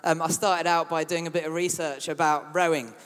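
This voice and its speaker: High-voiced British preacher in a reverberant hall. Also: male voice, little pitch movement, a little fast, fairly bright tone, clean tone. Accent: British English. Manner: humorous, self-mocking storytelling. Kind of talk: sermon.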